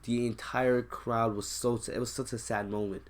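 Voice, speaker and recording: A young man on his own channel, casually retelling a film's ending in an excited, rambling way, with many restarts. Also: medium pitch, moderate pace. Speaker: YouTube host. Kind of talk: casual film recap.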